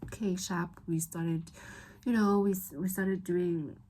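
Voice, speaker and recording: A young woman with a South African accent tells a personal story straight to her camera. Her voice sits low and sounds mellow and a little husky. She rambles, restarts often and turns emotional and teary in places. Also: fairly even intonation, measured pace, poor audio. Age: young adult. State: tearful at times. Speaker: vlogger.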